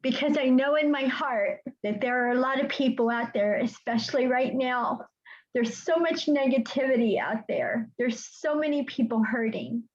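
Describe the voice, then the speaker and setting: A woman's voice: sits high, moderate pace. A woman leading a team video call, emotional and heartfelt. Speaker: team leader. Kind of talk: casual team meeting talk. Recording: dull lo-fi call audio.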